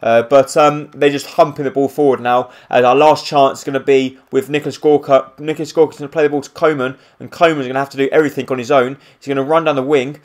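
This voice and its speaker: A man commentating his own football video game as he plays, with excitable play-by-play and rambling asides. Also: mid-range voice, fast, hardly any pauses. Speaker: gaming YouTuber.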